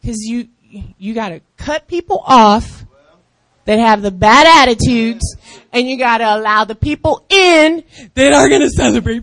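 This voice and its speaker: A woman in her fifties preaching a lively sermon, acting out the voices of other people and calling out in excitement. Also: fairly high pitch, moderate pace, no room sound. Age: 50s. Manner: animated, acts out voices of others, shouts in excitement.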